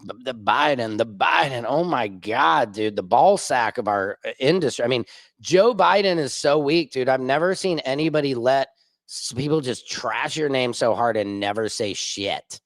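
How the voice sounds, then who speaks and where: A man's voice: mid-range voice, expressive, normal speed, no echo. A man hosting a comedic news livestream, joking and riffing, sometimes slipping into mock voices. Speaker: comedic news show host. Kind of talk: casual comedic commentary livestream.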